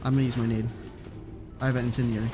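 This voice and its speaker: A man's voice: mid-range voice, flat delivery, rapid-fire, over music. A young man giving casual, joking commentary while he plays a video game, swearing often. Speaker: gaming YouTuber.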